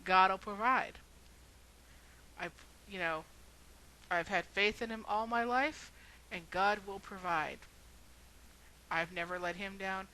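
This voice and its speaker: A woman's voice: medium pitch, steady tone, takes it slowly, pauses often, sharp tone, rough recording. A woman voicing a stubborn, devout man who insists his faith will save him, speaking insistently and then pleading.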